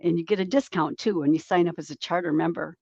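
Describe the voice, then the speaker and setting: A woman's voice: on the low side, quick pace, gravelly, darkish tone, breathy edge, no echo. A woman hosting an interview, wrapping up with friendly thanks and affirmations over a video call. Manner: friendly wrap-up with repeated affirmations. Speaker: host. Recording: dry, dull lo-fi video call audio.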